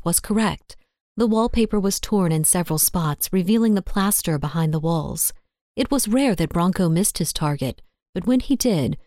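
A woman narrating a story in a steady, even audiobook style. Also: lowish voice, dry recording, clean studio sound.

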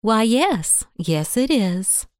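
A woman's voice: on the high side, very animated, very slow, smooth, dry recording, voice pushed up, heavily acted. Lady doing a lyrical teasing young secretary, dry close sound.

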